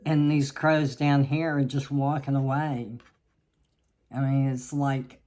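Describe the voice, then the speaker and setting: A woman from the South, giving a tarot reading in a slow, halting way with many restarts. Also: extremely low pitch, flat delivery, mellow. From Southern United States. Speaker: tarot reader.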